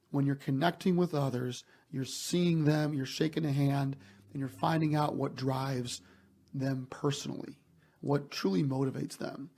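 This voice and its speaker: A man's voice: fairly high pitch, vocal fry, darkish tone. A man speaking as a guest executive in an interview, earnest and emphatic, often repeating words as he starts a thought. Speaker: basketball team executive, guest. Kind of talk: interview answers.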